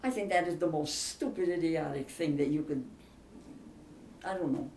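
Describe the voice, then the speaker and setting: A woman's voice: low voice, normal speed, dark tone. An older woman in a casual interview, telling family stories in a chatty, emphatic way. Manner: chatty, emphatic, laughs through her stories. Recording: roomy, distant mic, faint background hiss.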